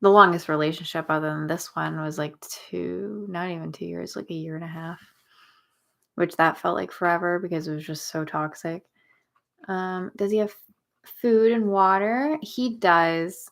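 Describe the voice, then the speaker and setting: A woman's voice: on the low side, steady tone, normal speed, vocal fry, fairly bright tone. A young woman hosting a casual livestream chat, talking to her viewers and cooing at her cat. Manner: chatty, talks baby talk to her cat. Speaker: livestream host.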